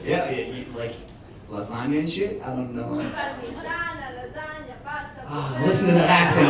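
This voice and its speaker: A man with an Israeli accent doing teasing, animated stand-up crowd work from a comedy club stage. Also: high-pitched, a little slow, pauses often, very noisy. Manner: teasing, animated, chatting with the audience. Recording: echoey club from far off with loud crowd. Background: loud audience laughter.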